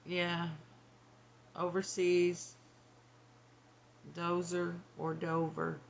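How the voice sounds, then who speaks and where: A woman's voice: fairly low pitch, completely flat delivery, drawn-out words, gravelly, dull audio, a little hiss or hum. A woman working as a psychic medium, relaying channeled messages in a hesitant, tentative way. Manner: hesitant, tentative, laughs between.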